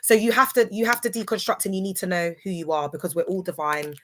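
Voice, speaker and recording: A woman's voice: lowish voice, fast talker, a little hiss or hum. A woman talks to her live viewers in a casual, emphatic, preachy way, often checking that they understand, while grieving. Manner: emphatic, preachy, keeps asking if listeners understand. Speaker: livestreamer. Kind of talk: casual livestream monologue.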